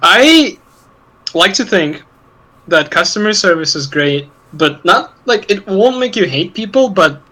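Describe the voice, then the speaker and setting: A man with a high, bright, pushed voice and lively intonation speaks a little slowly as a podcast co-host. He rambles through casual chat, swearing heavily and laughing often. The recording is rough.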